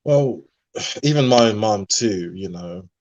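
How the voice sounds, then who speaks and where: A man in a casual online discussion, telling personal stories in an animated way and laughing often. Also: on the low side, takes it slowly, dry recording, highs cut off. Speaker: panelist.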